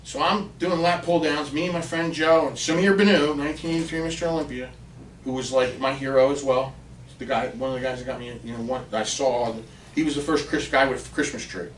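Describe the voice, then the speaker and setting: A man's voice: medium pitch, a little fast, a little hiss or hum. Man telling stories, distant roomy sound. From Pennsylvania. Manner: animated anecdote-telling with casual swearing. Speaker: podcast guest. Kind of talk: casual storytelling.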